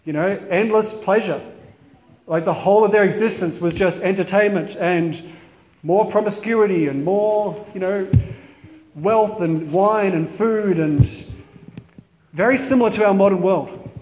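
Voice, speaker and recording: A man's voice: high voice, unhurried, a little mellow, echoey room, big-room sound. A man giving a conversational, reflective sermon in a chapel. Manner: conversational, reflective, many "you know" fillers. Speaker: priest.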